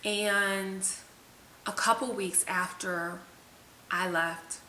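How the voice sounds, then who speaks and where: A woman's voice: medium pitch, level tone, very slow, sharp tone. A woman vlogger telling a personal story to the camera in a candid, emotional, conversational way. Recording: echoey room with faint hiss.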